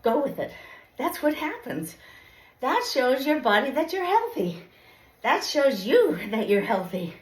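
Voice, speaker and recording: A woman's voice: sits high, big pitch swings, a little slow. A woman fitness instructor coaching a workout while riding a stationary bike, a little out of breath, giving encouraging step-by-step cues. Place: home exercise bike. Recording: echoey room.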